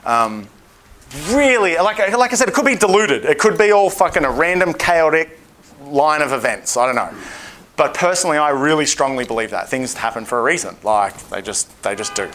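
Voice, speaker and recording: A man's voice: fairly high pitch, animated, moderate pace, fairly bright tone, a little hiss or hum. A young Australian man giving a seminar talk as a dating coach, blunt and profane, acting out quotes in a livelier voice. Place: seminar room.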